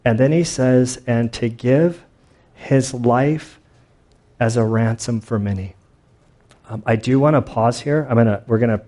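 A man preaching a sermon as pastor, telling stories in a loose, casual way and acting out what people said. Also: medium pitch. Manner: casual storytelling, animated retellings.

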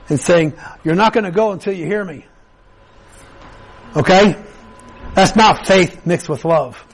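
Earnest male pastor, fairly high voice. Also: breathy edge, low-quality recording. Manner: earnest, often repeats and restarts words. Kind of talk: sermon.

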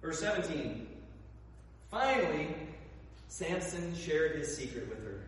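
A male pastor preaches with lively, storytelling energy, acting out the people in his tale. His slightly high voice is heard from a distance, ringing through a large, reverberant hall with a faint background hum. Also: slow pace. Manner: animated storytelling, acts out characters. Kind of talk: sermon. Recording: echoey hall, voice from far off.

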